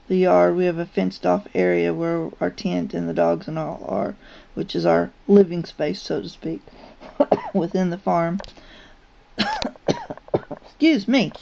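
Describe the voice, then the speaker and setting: Woman vlogger, dark mellow tone, casual and rambling storyteller, full of ums and restarts. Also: fairly low pitch, gravelly. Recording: dull lo-fi recording.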